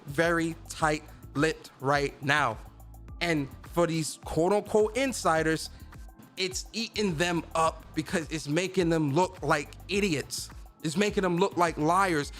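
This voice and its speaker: A man's voice: on the high side, a bit bright. Blunt, stammering man ranting as podcast host. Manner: blunt and profane, stammers and repeats words. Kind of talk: casual ranting commentary.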